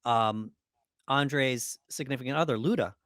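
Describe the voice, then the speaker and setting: A man's voice: medium pitch, measured pace, a bit bright, no echo, clean studio sound. A man co-hosting a podcast, talking through a movie in a loose, rambling way with plenty of fillers and restarts. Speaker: podcast co-host. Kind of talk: casual film discussion.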